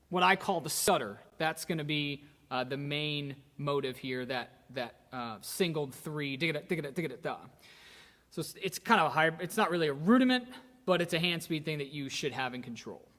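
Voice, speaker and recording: A man's voice: on the high side, fairly bright tone. Man teaching in a reverberant hall. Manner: explanatory, thinks aloud with many fillers and restarts. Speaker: percussion instructor. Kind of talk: practice session walkthrough. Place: large hall.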